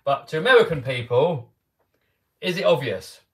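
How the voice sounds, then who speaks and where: A man from England with an English accent and a voice pitched a little above average. He chats casually and cheerfully with viewers on a live stream, restarting sentences and filling gaps with 'uh' and 'I mean'. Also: animated, moderate pace, fairly bright tone. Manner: chatty and upbeat, with many restarts and fillers. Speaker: RC car YouTuber hosting a live stream.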